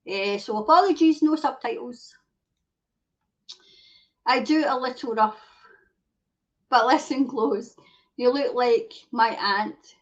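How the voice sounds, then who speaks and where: A woman's voice: sits high, lively intonation, lo-fi sound. A Scottish woman hosting a casual livestream chat, ranting and swearing as she reads out viewer comments. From Scotland. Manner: ranting and sweary, quick to flare up. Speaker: livestream show host.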